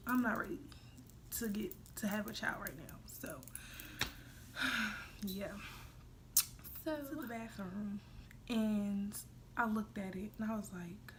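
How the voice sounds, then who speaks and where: A young woman in her early twenties telling a personal story casually as a vlogger, chatty and full of "like" and "y'all", dropping to a hush for her inner thoughts. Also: medium pitch, background noise. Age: young adult. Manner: chatty, says "like" and "y'all" a lot, drops to a hush for quoted thoughts.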